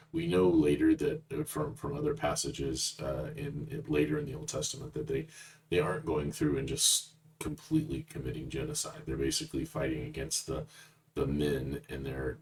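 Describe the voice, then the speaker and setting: Male Bible teacher, blunt and conversational; very low voice, faint hiss in the background. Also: vocal fry, a little mellow. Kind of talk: verse-by-verse Bible commentary. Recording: distant mic with faint noise.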